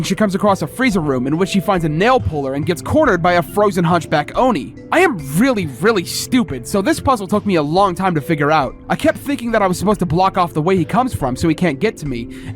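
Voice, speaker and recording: A young man narrating a scripted game retrospective with wry, self-deprecating commentary. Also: high voice. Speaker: video essay narrator. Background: faint background music.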